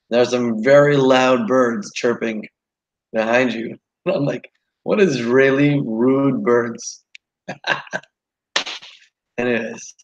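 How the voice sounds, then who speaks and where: Guy hosting a group study on a video call, mid pitch, rambly and excited, lots of ums, audio kinda dull. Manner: enthusiastic, rambling with many fillers. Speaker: host of an online learning session. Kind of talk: casual group study chat. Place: at home in California.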